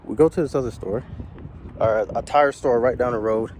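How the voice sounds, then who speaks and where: A man walking outdoors at night, out of breath, telling a story to his small handheld camera in a chatty, animated way. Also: mid-range voice, fairly quick. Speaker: vlogger. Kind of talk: casual storytelling vlog. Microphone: small handheld action camera. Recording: faint outdoor traffic noise.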